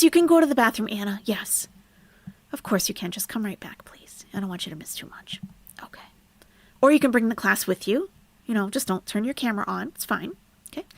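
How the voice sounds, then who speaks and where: A woman's voice: medium pitch, gravelly, no echo. A woman teaching numbers in a live online lesson, patiently repeating words for learners and greeting viewers in the chat. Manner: drops to a soft whisper while fiddling with the screen. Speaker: Arabic teacher on a live stream.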